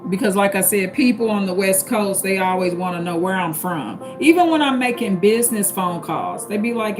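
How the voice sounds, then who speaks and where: A woman's voice: mid-range voice, expressive, moderate pace, hardly any pauses, poor audio. Woman with a st. louis accent, middle-aged, live-stream host, chatty, faint music behind. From St. Louis, Missouri. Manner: chatty, repeats herself, addresses viewers by name. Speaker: livestream host. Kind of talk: casual live-stream chat with viewers.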